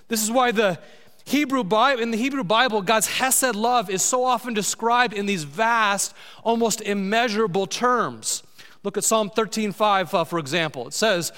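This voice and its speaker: High-voiced pastor preaching in a big hall. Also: male voice, fairly bright tone. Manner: emphatic preaching, slowing down to stress key words. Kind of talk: sermon. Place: church sanctuary.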